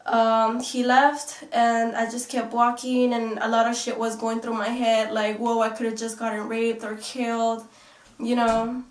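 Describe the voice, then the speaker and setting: Young girl vlogging, kinda high voice, rambly, swears a lot, sounds far from the mic. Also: flat delivery. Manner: fast, rambling, heavy swearing and fillers. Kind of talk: casual storytelling. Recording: echoey room, off-mic.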